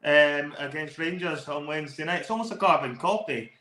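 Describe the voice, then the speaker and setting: Fairly high-pitched, fairly quick, and bright with a forceful edge, a Scottish man co-hosts a football podcast. He is chatty and enthusiastic, giving long flowing analysis of the match, and the recording echoes roomily.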